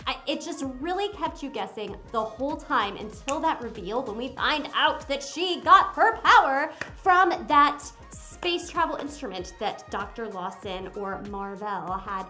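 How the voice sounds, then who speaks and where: Bright, high-voiced animated woman reviewer. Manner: animated and exclamatory, breaks into quick impressions; chatty, addresses viewers directly. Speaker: movie reviewer. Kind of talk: casual movie review to camera.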